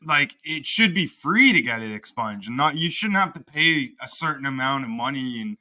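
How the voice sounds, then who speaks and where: A man's voice: medium pitch, big pitch swings, normal speed, over a noisy crowd. A man in casual chat, giving a blunt, opinionated take.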